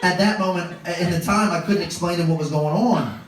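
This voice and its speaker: A man doing stand-up comedy, telling a family story in an animated way and jumping into high voices for his kids. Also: a little fast, crowd noise. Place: comedy club stage with a laughing audience. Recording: echoey live room, distant mic, background noise.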